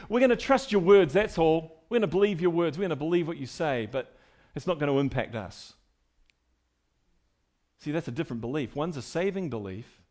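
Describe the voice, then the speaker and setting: A pastor preaching a sermon to his congregation, emphatic, his voice swinging between loud and quiet. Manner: emphatic preaching with wide swings in pitch and loudness.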